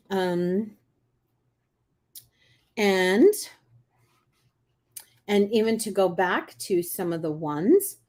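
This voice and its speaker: A woman talks straight to her viewers in a mid-pitched voice, loose and animated. She breaks into little acted voices and restarts her thoughts often. Now and then she stops to clear her throat. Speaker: intuitive coach hosting a live reading. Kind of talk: casual live-stream teaching.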